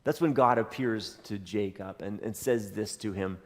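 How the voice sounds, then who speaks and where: A man's voice: lowish voice, moderate pace, hardly any pauses. Male pastor preaching in a reverberant hall. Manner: conversational storytelling with dry jokes. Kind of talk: sermon. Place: church sanctuary.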